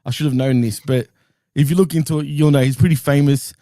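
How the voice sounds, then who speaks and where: A man's voice: on the high side, fairly even intonation, fast talker, mellow, no room sound, studio quality. A man co-hosting a podcast in casual chat, enthusiastic and nostalgic, laughing often. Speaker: podcast co-host.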